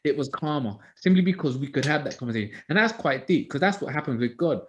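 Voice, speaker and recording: Animated man telling stories. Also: fairly high pitch, fast, highs cut off, slight background noise. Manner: animated storytelling, acts out others' words. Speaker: co-host of a Bible study discussion, schoolteacher. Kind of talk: casual discussion.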